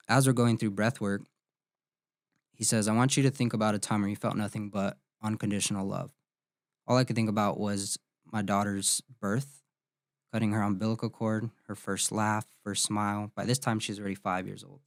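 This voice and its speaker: A podcast host in his thirties tells a painful personal story, emotional and halting, restarting many times. His voice is lowish with a level tone, recorded in studio quality with no room sound.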